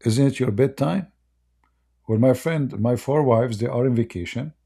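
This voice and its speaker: Gravelly man with broken English. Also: medium pitch, moderate pace, dark tone. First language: Arabic. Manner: broken English, rambling and mocking. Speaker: online commentator. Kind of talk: casual joking monologue.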